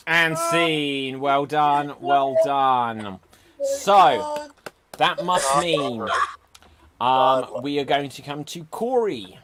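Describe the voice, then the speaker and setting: A man's voice: on the high side, big pitch swings, very slow, very noisy. Upbeat man hosting an improv show. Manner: upbeat, addresses audience and judges.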